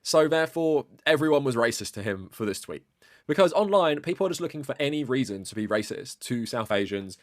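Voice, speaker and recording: A man's voice: mid-range voice, lively intonation, fairly quick, no echo, clean studio sound. Chatty male video commentator. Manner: conversational, with frequent fillers of "like" and rising stress on key points. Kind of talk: casual video-essay commentary.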